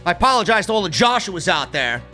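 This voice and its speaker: A man's voice: sits high, big pitch swings, fast, bright, forceful tone. A man hosting a livestream wrestling review, ranting brashly and swearing constantly. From New York. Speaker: wrestling show reviewer, podcast host. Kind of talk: livestream rant, casual chat. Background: faint music.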